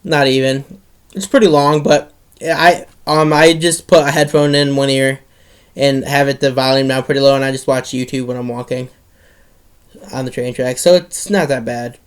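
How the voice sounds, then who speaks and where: A man's voice: mid-range voice, steady tone, moderate pace, clear, resonant tone. A teenage boy telling a story in a casual monologue, rambling with many restarts and some swearing.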